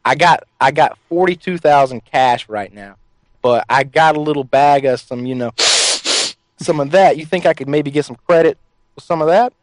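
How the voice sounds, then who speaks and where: A man hosting a show, making a prank phone call in a sly, deadpan, teasing manner. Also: a little high, moderate pace, no echo.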